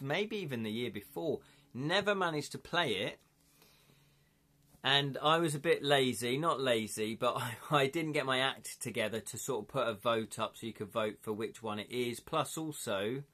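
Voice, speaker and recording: A man's voice: mid-range voice, sharp tone. A man hosting a casual live stream, chatting with viewers, laughing often and reading their comments aloud. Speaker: livestream host.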